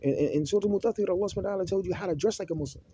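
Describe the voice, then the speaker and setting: Speaking off the cuff with rapid-fire delivery, a man with a high-pitched, dark-toned voice offers religious advice as a Muslim, using Arabic terms amid frequent restarts and repeated words. A little hiss or hum can be heard.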